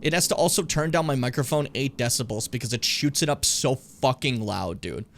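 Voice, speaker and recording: A man's voice: medium pitch, fairly quick, gravelly, crowd noise. A man streaming a video game with a co-host, chatting casually, cracking jokes, swearing and dropping into silly voices. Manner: animated, jokey, swears, breaks into silly impressions. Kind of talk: casual gaming stream chat.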